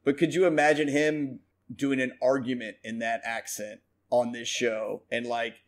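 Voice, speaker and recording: A man's voice: mid-range voice, normal speed. Rambling, profane man co-hosting. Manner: profane, rambling, animated storytelling. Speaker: podcast co-host. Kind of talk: casual chat.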